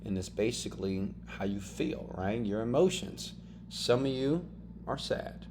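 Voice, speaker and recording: A motivational course teacher with a lowish, expressive voice gives a self-help lesson at a measured pace, emphatic and full of "right?" and "okay?" tags. Music plays under his voice, and there is background noise.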